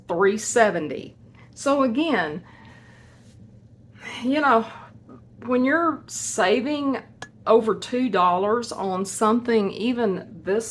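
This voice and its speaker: A woman's voice: a little high, slight background noise. A woman, chatting casually in a homestead vlog as she shows her grocery haul, rambling and correcting herself about prices. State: hiccups. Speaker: homesteading vlogger.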